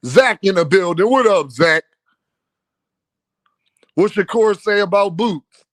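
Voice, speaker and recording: A man hosting a boxing livestream in casual, profane street talk, reading super chats and repeating words in rapid stammering bursts. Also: sits high, expressive, no echo. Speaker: livestream host.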